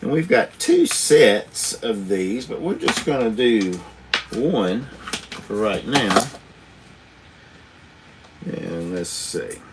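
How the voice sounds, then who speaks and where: A man's voice: lowish voice, big pitch swings, drawn-out words, pauses often, background noise. A man, a truck driver chatting casually and rambling on a live stream, swearing freely, chuckling often, recorded on a tablet camera.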